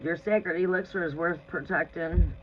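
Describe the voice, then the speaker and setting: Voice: mid-range voice, steady tone, normal speed. A tarot reader on a live reading gives blunt, profane advice and laughs often. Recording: dull lo-fi sound with faint noise.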